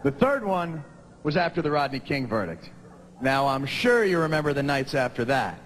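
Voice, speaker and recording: A man, doing a stand-up comedy routine and rising to shouted punchlines. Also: mid-range voice, big pitch swings, moderate pace, noisy background. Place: large theater stage before a live audience. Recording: long hall reverb, audible audience.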